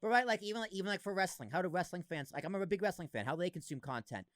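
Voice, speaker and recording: A man's voice: high voice, animated, racing, a bit bright, dry recording. A man in his thirties hosting a podcast, chatting casually and animatedly, with lots of fillers and some swearing. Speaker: podcast host. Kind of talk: casual chat.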